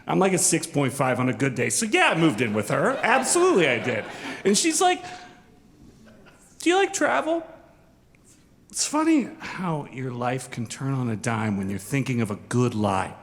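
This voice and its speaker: Animated self-mocking man in a hall. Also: medium pitch, fairly quick, a little hiss or hum. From Eastern Washington. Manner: self-deprecating, animated, acts out quoted lines. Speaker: storyteller. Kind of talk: live storytelling on stage. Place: stage in a large hall.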